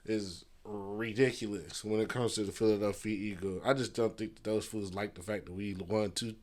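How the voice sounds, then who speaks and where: A man's voice: fairly low pitch, moderate pace, hardly any pauses. A man hosting a casual solo podcast from a messy room at home, rambling loosely with fillers and swearing. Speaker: podcast host. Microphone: podcast mic.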